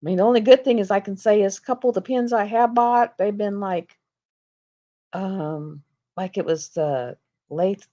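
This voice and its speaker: With a warm voice on the low side, a woman runs a laid-back livestream. She tells rambling stories and laughs frequently, and the audio is dull and lo-fi.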